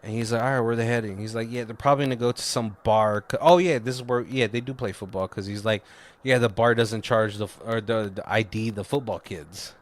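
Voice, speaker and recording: A man's voice: on the low side, fairly quick. A man co-hosting a casual movie review podcast, retelling scenes with loose impressions and laughing often. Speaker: podcast co-host.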